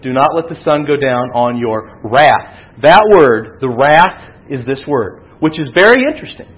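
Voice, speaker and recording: A man's voice: medium pitch, lively intonation, a little slow, poor audio. A man preaching a sermon, teaching earnestly and rising to emphatic peaks. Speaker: pastor.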